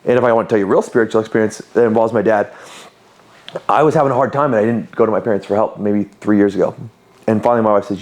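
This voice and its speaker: A man's voice: fairly low pitch, fast. A man, telling personal stories candidly and animatedly as a podcast guest. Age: 30s. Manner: animated, candid, storytelling with quoted voices. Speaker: podcast guest, business owner. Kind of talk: casual interview storytelling.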